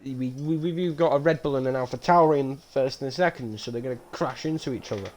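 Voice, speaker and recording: A man giving live race commentary on a stream, with casual, rambling, self-mocking banter that turns loud and excited when incidents happen. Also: medium pitch, brisk. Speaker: sim racing league commentator.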